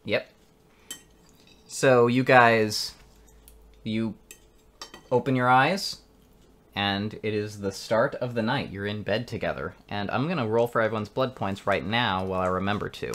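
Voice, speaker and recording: A man narrating as game master of a tabletop game, unhurried and often laughing. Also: on the low side, a bit bright, slight background noise.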